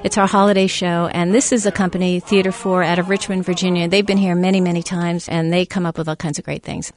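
A woman's voice: on the low side, level tone, quick pace, faint music behind. A middle-aged woman who presents children's theater, talking enthusiastically in a casual interview. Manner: chatty, enthusiastic, with fillers and restarts.

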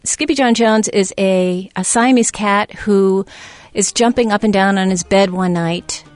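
A woman's voice: medium pitch, measured pace. A middle-aged woman who presents children's theater, talking enthusiastically in a casual interview. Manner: chatty, enthusiastic, with fillers and restarts.

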